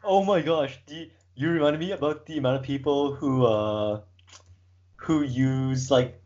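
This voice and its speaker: A man leads a relaxed conversation, meandering through his points with plenty of "like" and "um" and frequent laughter. His pitch sits in the middle of the range. The recording sounds dull and lo-fi. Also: a little slow. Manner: rambling, filler-heavy, laughs often. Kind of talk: casual chat.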